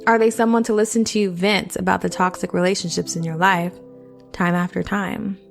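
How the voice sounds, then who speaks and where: A woman's voice: fairly low pitch, fairly even intonation, fairly quick, vocal fry, faint music behind. A woman hosting a podcast, giving frank, chatty advice and often checking in with the listener. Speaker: podcast host. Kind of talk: casual advice monologue.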